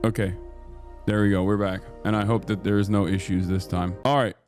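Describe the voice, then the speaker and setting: A man in his thirties hosts a livestream, ranting heatedly and profanely with plenty of fillers into a studio microphone run through a mixer. His voice is lowish and a bit mellow, his tone steady, his pace a little fast. Faint music plays behind this casual stream chat.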